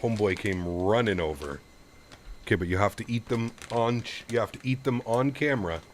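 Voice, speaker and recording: A man's voice: on the low side, fairly quick, a little hiss or hum. A man streaming a flight simulator, chatting casually and thinking aloud as he sets up a flight at his home sim setup. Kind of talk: casual live-stream chat.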